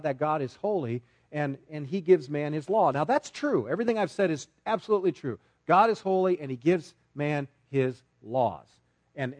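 A man's voice: a little high, darkish tone, no echo. A man preaching a sermon to a congregation, emphatic and full of rhetorical questions, often restarting his words. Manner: frequent repeated restarts. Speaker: pastor.

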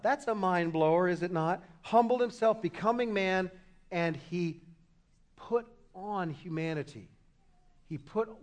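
A man preaching a sermon as pastor, impassioned, swinging from loud emphasis to hushed lows.

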